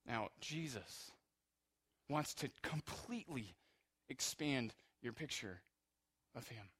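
A male pastor delivering a sermon, with passionate swings from quiet, low passages to loud, high-pitched peaks. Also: expressive, slow pace, breathy edge.

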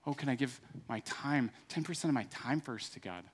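A man's voice: medium pitch, lively intonation, moderate pace, slightly rough. A middle-aged man preaching a sermon in an earnest, conversational way, then moving into a fervent prayer. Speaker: pastor.

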